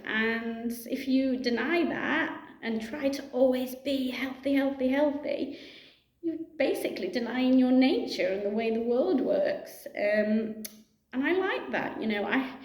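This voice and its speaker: Speaking to camera in an echoey room, a middle-aged yoga teacher with a voice that sits high reflects casually and chattily. Easy laughter, asides and filler words run through her talk.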